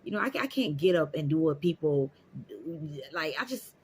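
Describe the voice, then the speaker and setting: A man's voice: on the high side, animated, moderate pace, a little mellow, slight background noise. A man giving an emphatic, repetitive motivational talk to his viewers, speaking. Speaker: motivational vlogger. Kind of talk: casual motivational talk to camera.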